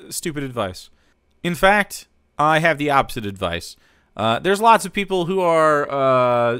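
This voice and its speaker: A man's voice: medium pitch, a bit bright, clear, resonant tone, no echo. Blunt, profane male streamer, very dry sound. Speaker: streamer host. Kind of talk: live stream reaction commentary.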